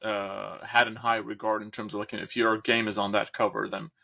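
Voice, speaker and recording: A man's voice: on the low side, little pitch movement, normal speed, creaky, pushed and bright. A man hosting a casual podcast, rambling and searching for words as he talks. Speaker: host.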